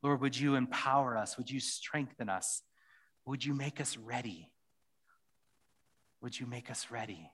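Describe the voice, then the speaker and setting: A man's voice: medium pitch, a bit bright. A man preaching a sermon and leading a closing prayer, speaking earnestly and often repeating phrases. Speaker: pastor.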